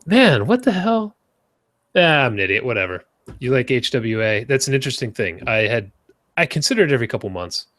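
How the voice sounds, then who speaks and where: A man hosting a casual podcast chat, joking and self-mocking, jumping up in pitch when he asks questions. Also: lively intonation, fast, a bit bright. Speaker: podcast host.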